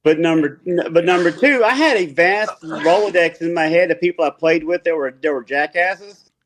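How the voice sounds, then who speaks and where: A man's voice: fairly high pitch, moderate pace, fairly bright tone. A man co-hosting a casual livestreamed chat from his phone, talking bluntly and joking. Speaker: co-host.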